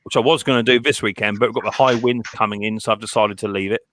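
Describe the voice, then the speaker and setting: Halting man hosting a livestream. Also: lowish voice, steady tone, a bit bright. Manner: rambling, halting with many restarts and fillers. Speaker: live stream host. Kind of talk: casual chat.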